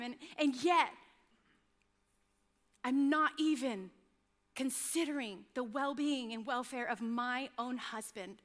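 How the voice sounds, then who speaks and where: Bright, high-voiced woman preaching. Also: unhurried, pauses often, big-room sound. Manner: animated, self-mocking storytelling. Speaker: pastor. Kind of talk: sermon.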